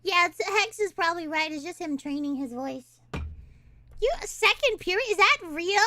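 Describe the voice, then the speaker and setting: A woman chats on her live stream in an extremely high, bright voice. She talks slowly and bounces between notes. She giggles and rambles, often restarting mid-sentence. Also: animated. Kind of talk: casual live-stream chat.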